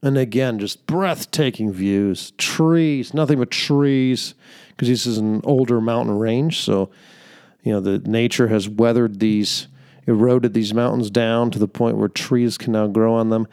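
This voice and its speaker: A man's voice: medium pitch, fairly even intonation, a little slow, a little mellow, smooth. A young man hosting a podcast, telling an earnest faith-based story with fillers and laughter. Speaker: podcast host. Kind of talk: faith-based reflective monologue.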